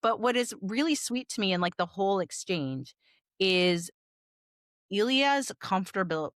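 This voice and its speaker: A woman co-hosting a podcast in casual chat, recapping a scene in a relaxed, wry way with sudden bursts of speed. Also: mid-range voice, unhurried, no echo, studio quality. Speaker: podcast co-host.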